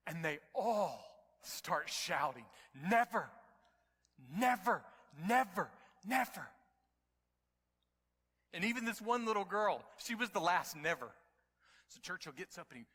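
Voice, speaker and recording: A man preaching a sermon to his congregation, telling stories and building to near-shouts at the climaxes. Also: high voice, big pitch swings, moderate pace, long reverb tail. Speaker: pastor. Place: church sanctuary.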